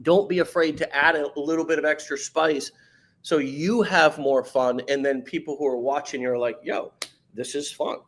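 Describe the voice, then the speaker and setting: A man's voice: fairly high pitch, steady tone, normal speed, fairly bright tone. A man hosting a podcast in casual motivational talk, emphatic and slangy, stumbling and repeating words as he gets going. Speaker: podcast host.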